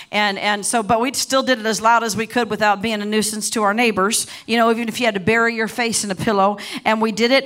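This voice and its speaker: Woman, middle-aged, preacher, sermon, slightly high pitch, fervent, repetitive restarts. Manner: impassioned, rising to shouts; repeats and restarts words often.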